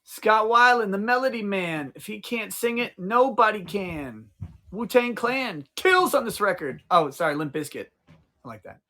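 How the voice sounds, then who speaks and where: A man's voice: sits high, lively intonation, measured pace, bright, forceful tone. Profane, rambling male livestream host. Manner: profane, rambling, talks to chat. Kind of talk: casual livestream chat. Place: outdoors.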